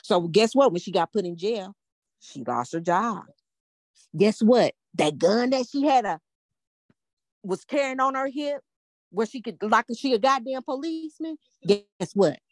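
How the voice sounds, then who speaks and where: A woman's voice: a little high, animated, measured pace, no room sound. Older lady host telling a story, cusses a lot, keeps going "guess what", dry close sound. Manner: blunt, profane, emphatic, keeps asking rhetorical "guess what". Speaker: podcast host. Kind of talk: casual storytelling to a live audience.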